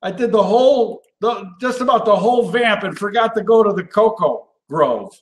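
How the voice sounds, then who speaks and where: A man's voice: high voice, normal speed, roomy sound. A man hosting a live cooking show in casual, chatty talk. He keeps tagging his points with "all right?" and gets worked up as he goes. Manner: enthusiastic and animated, gets worked up. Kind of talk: casual live-stream chat.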